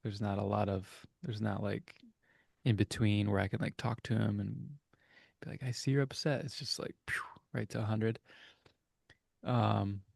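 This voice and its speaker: Man, low voice, gravelly edge, earnest rambling chat on a video call, dry sound. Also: flat delivery, measured pace, long pauses, a little mellow, no room sound. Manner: rambling, searching for words, earnest. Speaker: co-host. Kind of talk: casual reflective chat.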